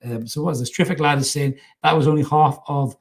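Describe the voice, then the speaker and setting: A man's voice: fairly high pitch, steady tone, quick pace, gravelly. Sweary laddish man. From North East England. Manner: blunt, sweary, laddish banter. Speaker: podcast host. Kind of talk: casual live-stream football chat.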